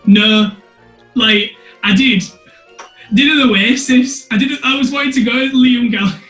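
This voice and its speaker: Brief: excitable man, high, bright, echoey room, faint music. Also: a little slow. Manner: excitable, rambling. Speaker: podcast co-host. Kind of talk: casual chat.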